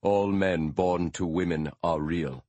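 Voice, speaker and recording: A man doing a calm, grave Lakota elder. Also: deep voice, slow, dry recording.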